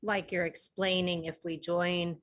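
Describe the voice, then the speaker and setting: A woman's voice: fairly low pitch, flat delivery, unhurried, a bit bright. Tentative woman asking on a video call. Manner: tentative, searching for words. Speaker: webinar attendee asking a question.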